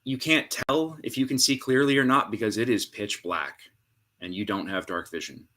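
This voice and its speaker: A man narrating a tabletop game as game master, with dramatic storytelling and hushed pauses. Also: on the low side.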